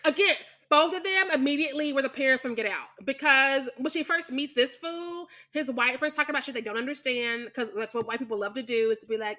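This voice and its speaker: A young woman co-hosting a podcast, with a high, bright voice. She talks bluntly and with animation and swears freely in casual chat. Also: fast talker. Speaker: podcast co-host.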